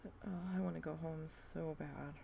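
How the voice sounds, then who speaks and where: A young woman with a New Jersey accent, chatting casually and thinking out loud while she works on a craft project. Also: sits low, steady tone, moderate pace, vocal fry, a little hiss or hum. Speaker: craft vlogger.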